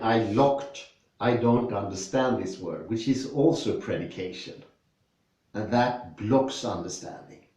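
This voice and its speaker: A man from Sweden with a Swedish accent, discussing philosophy, reading passages aloud and then explaining them slowly and thoughtfully with personal examples. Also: medium pitch, dark tone, very echoey, distant mic, dull audio.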